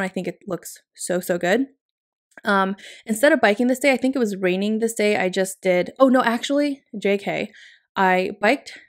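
A woman vlogger chatting casually in a voice-over about decorating her planner, upbeat and quick to laugh. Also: medium pitch.

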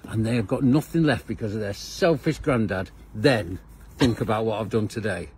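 A man with a raspy voice, ranting and accusing outdoors on a street. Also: on the low side, normal speed, darkish tone, a little hiss or hum. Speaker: angry protester at a car.

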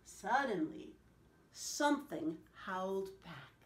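A woman telling a picture-book story to children, animated and asking them questions along the way. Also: medium pitch, takes it slowly. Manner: animated, asks the listeners questions. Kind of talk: picture-book read-aloud. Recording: echoey room.

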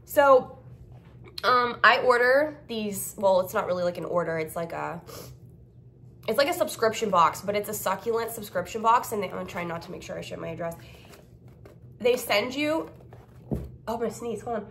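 A woman's voice: mid-range voice, animated, a little fast, creaky, long pauses, a bit bright. A young woman vlogging in a casual, blunt, profane ranting way. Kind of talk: casual vlog chat.

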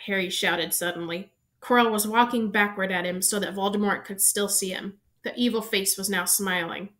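A woman narrates a children's fantasy novel aloud, with expressive storytelling. Her voice sits at an ordinary middle pitch for a woman. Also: normal speed. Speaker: reader.

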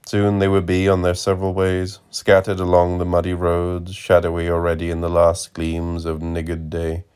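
A man narrating a literary audiobook in a measured, deadpan way. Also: sits low, clear, resonant tone. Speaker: audiobook reader.

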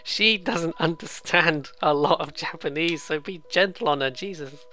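Giggly, bright-voiced let's play host. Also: mid-range voice, soft background music. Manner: giggly, self-deprecating, quick asides. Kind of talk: casual game commentary.

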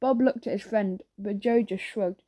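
A woman narrating a children's audiobook in a lively storytelling manner. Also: mid-range voice, normal speed. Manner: lively storytelling with character voices.

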